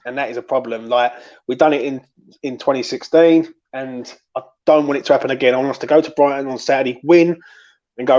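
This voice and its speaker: A man's voice: medium pitch, fairly even intonation, quick pace, a little mellow, highs cut off. A man speaking as a guest on a casual live fan preview, earnest and rambling, often repeating words as he goes.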